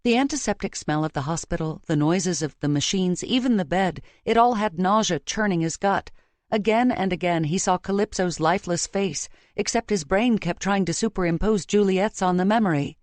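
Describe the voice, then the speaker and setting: A woman reading a romance audiobook in a measured, emotive way, close to the microphone. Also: lowish voice, a little mellow, dry recording. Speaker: audiobook narrator. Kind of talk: scripted romance narration. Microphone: close studio mic.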